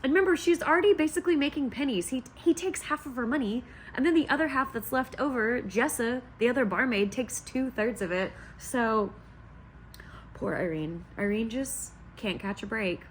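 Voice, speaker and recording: A woman's voice: a little high, normal speed, slight background noise. Chatty young woman recapping a book. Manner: chatty and animated, with playful asides. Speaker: book vlogger. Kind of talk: casual plot recap. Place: home, on a couch.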